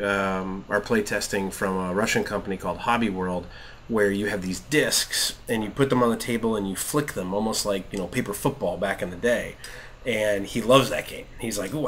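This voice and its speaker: Guy in his 30s telling a funny story about his kid, super animated, laughing a bunch. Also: lowish voice, slight background noise. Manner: animated storyteller, acts out quotes, laughs often. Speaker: podcast co-host, father. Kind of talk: casual chat while gaming.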